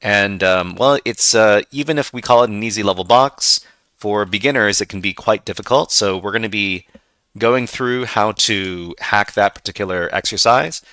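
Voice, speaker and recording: A man hosts a casual livestream tutorial in a low, bright and forceful voice. He talks in a loose, conversational way and pokes fun at himself. The sound is dry and close. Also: moderate pace, no room sound. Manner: loose, conversational and self-deprecating. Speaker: host of a hacking livestream.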